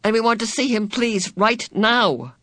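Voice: medium pitch, lively intonation, a little slow, fairly bright tone, dry recording, clean studio sound, voice pushed up. A narrator voicing an impatient, brave young girl who talks in an urgent, pleading way. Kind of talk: audiobook character voice.

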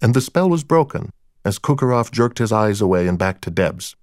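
A man's voice: fairly low pitch, animated, normal speed, dry recording. A man narrating a first-person crime story in a dry, wry storytelling manner. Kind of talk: audiobook narration of a crime novel.

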